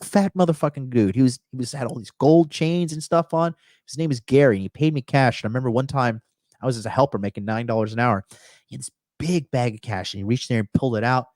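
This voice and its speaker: A man livestreams as a dating coach, reading chat and handing out profane, emphatic advice, often repeating lines for punch. His voice is medium-pitched and darkish, and he talks quickly. The recording is dry and studio quality.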